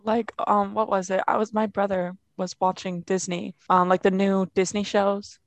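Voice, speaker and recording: A woman's voice: mid-range voice, level tone, normal speed, no echo. A young woman in casual chat, rambling and chatty with many fillers.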